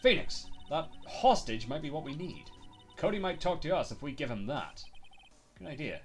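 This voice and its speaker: A man's voice: on the high side, very animated, moderate pace, soft background music. A male streamer reading a detective game's dialogue aloud, switching voices for each character.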